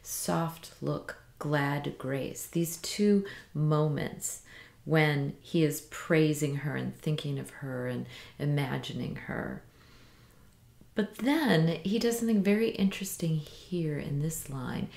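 A woman teaching a poetry lesson, explaining meter slowly and reading lines aloud with careful emphasis. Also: on the low side, expressive, creaky, darkish tone, roomy sound.

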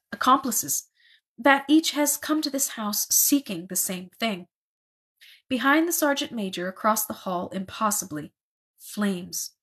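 A woman reading a novel aloud in a measured, expressive narrating voice. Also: on the high side, slightly rough. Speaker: reader.

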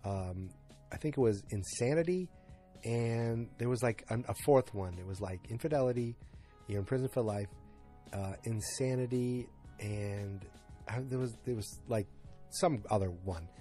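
A man's voice: mid-range voice, normal speed, dark tone, soft background music. A man hosting a podcast, recapping a TV episode in a casual, rambling and enthusiastic way. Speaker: podcast host.

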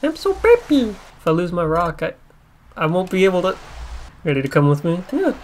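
A man giving casual, crude gameplay commentary, joking and swearing and breaking into excited outbursts. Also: sits high, moderate pace, slight background noise. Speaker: let's play gamer. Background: faint game soundtrack music.

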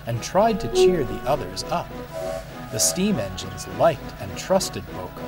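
A man reads a children's train story aloud, unhurried and expressive. His voice rises and falls freely. Music plays under the narration. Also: medium pitch. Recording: music playing behind the voice.

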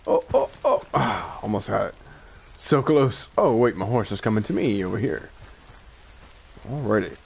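A young man giving casual gameplay commentary, excitable and quick to rant when things go wrong. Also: lowish voice, creaky, breathy edge. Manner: excitable, frequent exclamations, frustrated rants. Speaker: gaming YouTuber.

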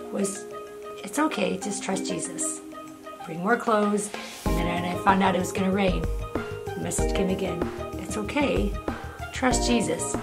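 A woman, the host's mother, giving an earnest, heartfelt casual faith testimony to the camera. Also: medium pitch. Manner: earnest, heartfelt, drops soft when quoting inner comfort. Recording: music playing clearly behind.

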